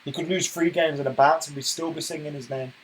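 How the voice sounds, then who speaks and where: Chatty football fan host, higher voice. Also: male voice, steady tone, fast talker, slight background noise, rough recording. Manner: chatty, reads viewer comments aloud, gets worked up and loud when ranting. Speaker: football channel host reading live chat. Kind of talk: casual live stream chat.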